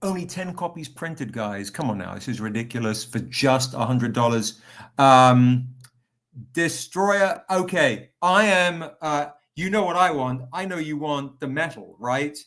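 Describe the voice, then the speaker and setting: A man's voice: a little high, lively intonation, measured pace, fairly bright tone. Upbeat man hosting a live sales stream. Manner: upbeat, chatty, calls out viewers by name. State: recovering, tired. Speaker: live stream host selling comics.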